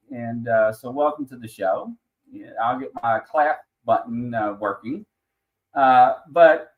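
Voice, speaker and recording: A man's voice: mid-range voice, low-quality recording. Southern male host, friendly chatter, faint music bed behind him. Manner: chatty, greets viewers by name. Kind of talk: live-stream talk show.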